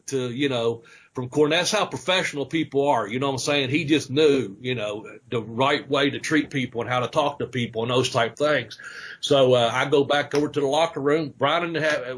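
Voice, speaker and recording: A man's voice: mid-range voice, normal speed, fairly bright tone, a little hiss or hum. A middle-aged man, a former wrestler, casually telling rambling stories on a podcast, with lots of fillers and laughter. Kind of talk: casual storytelling chat.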